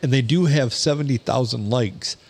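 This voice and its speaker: A man's voice: medium pitch, moderate pace, gravelly. Rambling man co-hosting a podcast. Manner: rambling storytelling, frequent restarts. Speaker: podcast co-host. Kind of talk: casual chat.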